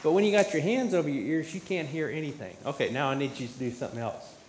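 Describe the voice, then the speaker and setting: A man's voice: a little high, fast talker, a little mellow. A man giving a children's sermon in church, questioning the children as he talks. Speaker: pastor. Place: church sanctuary. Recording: echoey church with faint room noise.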